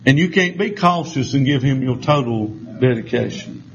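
A man preaching a fervent sermon, rising at times to shouts. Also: mid-range voice, lively intonation, moderate pace. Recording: dull lo-fi with faint noise.

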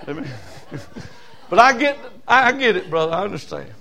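A man's voice: high-pitched, sing-song, brisk, pushed and bright, a faint crowd. A male pastor, preaching a folksy, humorous, emphatic sermon to a congregation in church.

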